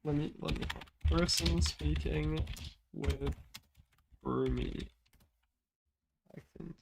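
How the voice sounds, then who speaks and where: Casting: blunt, casual man streamer, gravelly, slightly high voice. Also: steady tone, slow pace, a little mellow, slight background noise. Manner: blunt, swearing, reacting to clips. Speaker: speedrun streamer.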